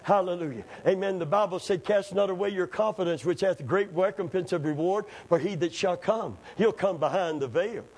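A man preaching a sermon in a church, calling for amens and rising to shouted emphasis. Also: sits high, brisk, hardly any pauses, breathy edge, rough recording. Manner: call-and-response, climbs to shouted emphasis.

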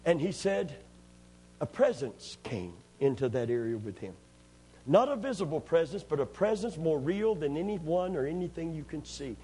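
A man's voice: fairly high pitch, normal speed, slightly rough. A man preaching a sermon, telling stories in a folksy, humorous way and prompting the congregation to answer back. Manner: lively storytelling, asks the congregation to answer. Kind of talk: sermon with call and response.

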